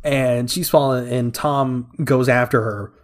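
A man is co-hosting a casual movie review podcast, with a middle-pitched voice. He walks through scenes in an excited rush, laughing often and restarting his sentences as he goes. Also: a little slow. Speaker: podcast co-host.

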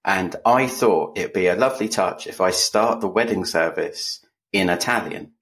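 Guy cohosting a podcast, kinda low voice, dry self-mocking jokes, loose chatty delivery. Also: normal speed, fairly bright tone. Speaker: podcast co-host. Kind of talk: casual chat.

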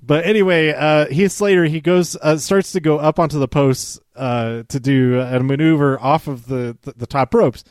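A man's voice: fairly high pitch, moderate pace, hardly any pauses, a little mellow, dry recording, studio quality. A man casually recapping a wrestling show. He rambles, with lots of fillers and small laughs.

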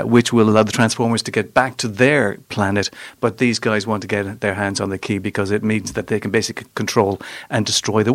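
Male film reviewer, rambling radio chat, dry studio sound, mid-pitched voice. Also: no echo. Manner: chatty, rambling, keeps asking "you know what I mean".

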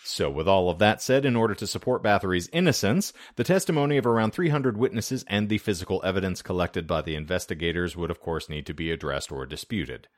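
Male podcast co-host, wry and chatty, with an animated delivery. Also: sits low, quick pace, few pauses, no room sound, studio quality. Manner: wry, conversational, with frequent fillers. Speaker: podcast co-host presenting the episode's research. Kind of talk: casual podcast history talk, partly read from notes. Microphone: remote call setup.

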